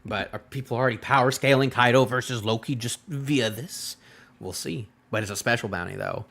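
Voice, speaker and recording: A man's voice: mid-range voice, brisk, gravelly. A man rambling through a casual live-stream reaction to a manga chapter and talking to his chat. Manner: animated, rambling, talks to chat.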